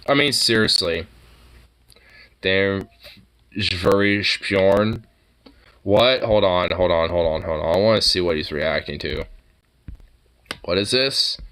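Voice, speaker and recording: A man's voice: low-pitched, measured pace, pauses often, sharp tone, low-quality recording. A man streaming a reaction to videos, talking in a casual, rambling way that is heavy with fillers, restarts and swearing.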